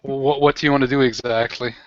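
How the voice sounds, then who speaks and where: A man's voice: medium pitch, fairly even intonation, quick pace, no echo. A man narrating as game master in a tabletop game, describing gory outcomes and laughing along. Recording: dull lo-fi dry recording.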